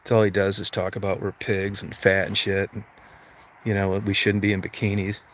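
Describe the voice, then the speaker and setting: A man's voice: sits low, monotone, normal speed, fairly bright tone, a little hiss or hum. A man hosting a livestream, ranting crudely with constant swearing and mock outrage. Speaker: livestream host. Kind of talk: profane comedic rant.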